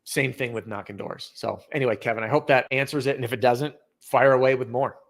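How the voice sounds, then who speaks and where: A middle-aged man talking as a podcast guest, telling stories in an earnest, energetic way. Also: medium pitch, a little fast. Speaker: podcast guest, roofing sales trainer. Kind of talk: casual interview chat.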